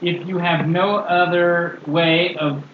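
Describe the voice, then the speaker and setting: A man with a somewhat high voice offers measured replies on a casual podcast. The room sounds roomy, and the audio is dull with a faint hiss. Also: steady tone. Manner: measured, brief replies and backchannels. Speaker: podcast co-host.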